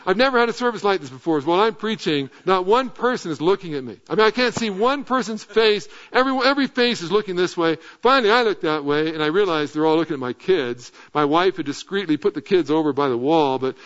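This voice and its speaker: A middle-aged male pastor telling a lively story in a sermon, then sinking into earnest, low, quiet appeals. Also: fast talker, hardly any pauses. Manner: animated anecdote, dropping to earnest low tones. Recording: dull lo-fi sound.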